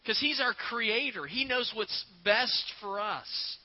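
A man preaching a sermon as a pastor, earnest and repetitive, slowing down to stress his points. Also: high-pitched, highs cut off. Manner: earnest, repeats words, slows for emphasis.

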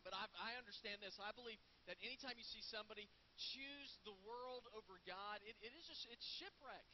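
A man with a notably high voice preaches to his congregation in an earnest, conversational way, often doubling his words. The recording is dull and lo-fi, with a faint hiss underneath. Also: fairly quick. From United States. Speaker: pastor. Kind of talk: sermon.

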